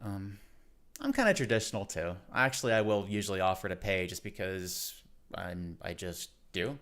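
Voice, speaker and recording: Brief: low-pitched male host reacting to a clip with dry, wry remarks. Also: animated, moderate pace, a bit bright. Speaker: commentary host. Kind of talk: reaction commentary.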